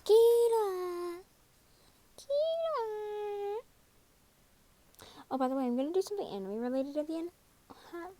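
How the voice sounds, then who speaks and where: A woman's voice: high voice, lively intonation, very fast, warm tone. A young woman in her bedroom casually reading a second-person fan story, with chatty, self-deprecating asides. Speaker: fan fiction narrator.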